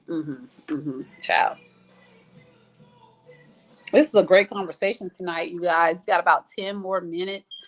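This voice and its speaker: A woman hosting a casual livestream chat who reads out viewer comments and answers them bluntly, with lots of swearing. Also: mid-range voice. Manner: blunt, profane and animated, reading out comments.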